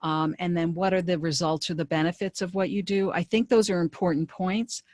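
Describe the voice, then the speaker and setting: Career coach woman, low dry voice. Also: steady tone, a little mellow, dry recording. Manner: conversational, brisk, with frequent fillers and restarts. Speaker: career coach presenting a webinar. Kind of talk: webinar presentation.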